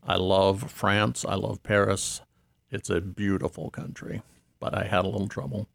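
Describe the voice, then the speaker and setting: A man playing an old Santa Claus in a comic radio sketch, genial and slow, dodging questions. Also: on the high side, wildly swooping pitch, gravelly, exaggerated voice. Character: jolly old Santa Claus, back from Paris.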